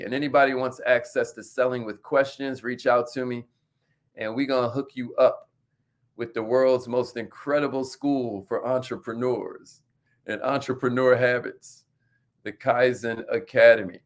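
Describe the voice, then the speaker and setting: A man with a medium-pitched voice, speaking at normal speed, energetically hosts a live stream about sales and entrepreneurship. He repeats phrases and calls on viewers by name.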